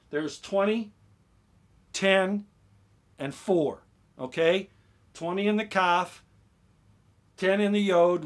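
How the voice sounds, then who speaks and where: A man explaining things on a casual YouTube live stream. He gets excited, repeats himself and keeps asking his viewers "okay?". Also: fairly high pitch.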